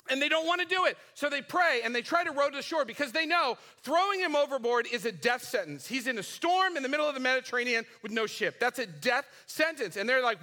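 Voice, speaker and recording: A man's voice: very high voice, fast talker, few pauses, bright, forceful tone. A man in his forties preaching a sermon, telling a story casually with fillers and acting out the characters' lines. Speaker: pastor.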